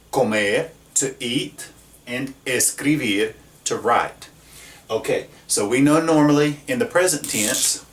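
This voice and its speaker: A man gives a classroom lesson at an unhurried pace, checking in with his listeners again and again. His voice sits at an ordinary pitch. It sounds roomy and a little distant from the mic. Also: fairly bright tone. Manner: slow, patient, checks in with "okay?". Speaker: Spanish teacher. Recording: echoey room, mic at a distance.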